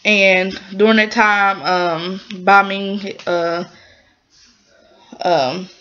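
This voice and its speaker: A woman casually recapping a drama episode in a rambling, chatty way, full of fillers and lively exclamations. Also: mid-range voice, extremely slow, highs cut off.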